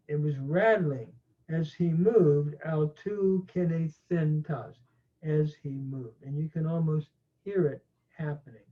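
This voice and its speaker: A man teaching a slow grammar lecture, pausing often with fillers. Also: fairly high pitch. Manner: slow, halting, many "uh" fillers. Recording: tinny phone-like audio.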